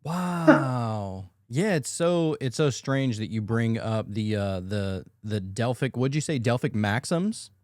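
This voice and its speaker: Animated podcast host, lively pitch. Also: male voice, takes it slowly, hardly any pauses, no room sound, studio quality. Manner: excitable, searching for words, many restarts. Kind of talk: casual podcast conversation.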